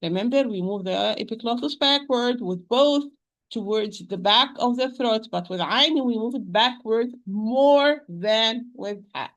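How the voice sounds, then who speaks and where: A woman with an Arabic accent gives a slow, careful pronunciation lesson, repeating each sound several times. Her voice sits a little high, and she speaks gently to her listeners as dear sisters. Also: lively intonation. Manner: patient, repeats sounds slowly to demonstrate. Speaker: Quran recitation teacher.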